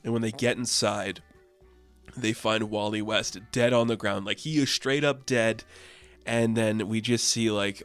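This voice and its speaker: A man's voice: lowish voice, steady tone, a little slow, a bit bright, clear, resonant tone, soft background music. A man casually reviewing a comic book issue with enthusiastic, chatty recaps.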